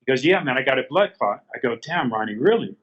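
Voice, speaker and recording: A man's voice: mid-range voice, expressive, fast talker. A man guest in a casual interview, retelling phone conversations with quoted back-and-forth lines, speaking over a remote call from a garage. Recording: dull, lo-fi call audio.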